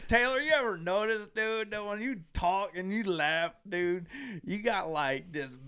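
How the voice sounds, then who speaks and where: A man's voice: high-pitched, measured pace, sharp tone, smooth. A man hosting a podcast, putting on a dopey, drawling dude character who ends every phrase with "dude". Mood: goofy. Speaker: podcast host.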